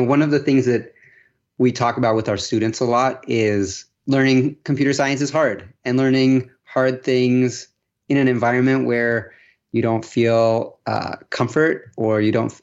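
A male teacher explaining his classroom approach in a casual, animated way. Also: mid-range voice, highs cut off. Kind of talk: casual conversation.

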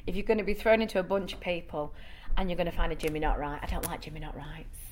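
An actress chatting as a guest in a casual interview, talking freely and often checking in with "you know". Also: female voice, on the low side, fairly even intonation, fast talker.

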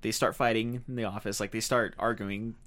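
A man co-hosting a podcast, talking quickly and loosely about a film and filling his sentences with "like". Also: fairly low pitch, steady tone, a bit bright. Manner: quick, rambling, full of "like". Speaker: podcast co-host. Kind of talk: casual film discussion.

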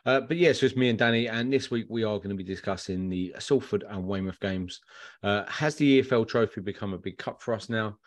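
A man's voice: on the low side, fairly quick, no echo, studio quality. A man in his thirties co-hosting a football podcast with a slight cold, chatting casually with lots of uh fillers. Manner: chatty, says uh a lot, rambling. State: has a cold, croaky throat. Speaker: podcast co-host. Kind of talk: casual chat.

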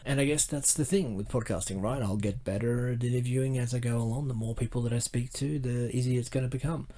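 A man's voice: medium pitch, warm tone. A young Australian man hosting a casual podcast interview, upbeat and chatty, with plenty of fillers and restarts. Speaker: podcast host.

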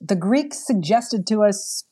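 A woman's voice: mid-range voice, lively intonation, takes it slowly, mellow, breathy edge. A woman speaking as a guest in a conversational interview, earnest and emphatic.

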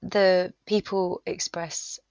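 A woman guest talking through grief in an interview, halting and searching for words, often emotional. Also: fairly low pitch, level tone, a little mellow, no echo.

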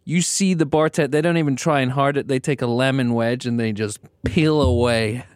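A man's voice: mid-range voice, a little fast, dry recording. A man chatting casually on a podcast, telling wry stories in a dry, mock-polite way. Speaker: podcast co-host, martini drinker. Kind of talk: casual chat.

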